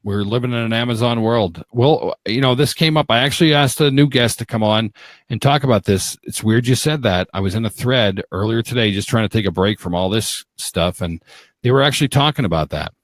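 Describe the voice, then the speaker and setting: A middle-aged man runs a casual live talk show from a video call. His voice sits at a mid pitch and sounds dry and close. He rambles and jokes freely, often talking over his guests. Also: brisk, no echo. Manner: rambling, joking, talks over others. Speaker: host.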